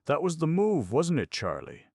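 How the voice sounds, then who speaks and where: A man's voice: a little high, huge pitch swings, normal speed, darkish tone, no echo, clean studio sound, voice pushed up, full character voice. A man voicing a cocky young boy pickpocket who boasts in street slang. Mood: swaggering.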